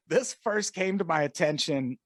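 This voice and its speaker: A man's voice: fairly high pitch, expressive, a little slow, a bit bright, no room sound, clean studio sound. A man co-hosting a comedy podcast, retelling odd news stories in a casual, laughing way. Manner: storytelling, laughs often. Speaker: podcast co-host.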